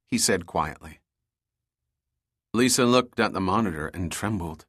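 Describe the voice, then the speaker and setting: A man's voice: low voice, husky, dry recording. Man narrating a novel, dry studio. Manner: steady, measured storytelling. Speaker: audiobook narrator. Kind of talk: scripted narration.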